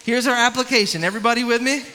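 A man preaching a lively youth sermon, coaching a volunteer through swimming moves and calling on the crowd. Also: extremely high pitch, very fast, in a large hall, a little hiss or hum. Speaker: youth pastor.

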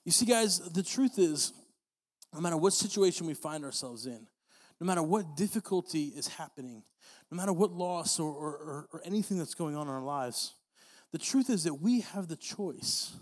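Earnest young preacher, high voice. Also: male voice, lively intonation, normal speed, in a large hall. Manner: earnest, repetitive, many restarts. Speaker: pastor. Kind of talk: sermon.

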